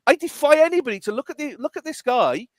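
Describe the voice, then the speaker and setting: A middle-aged man hosting a casual podcast chat, telling stories in an animated, emphatic way. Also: very high voice, quick pace, no echo. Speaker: podcast host.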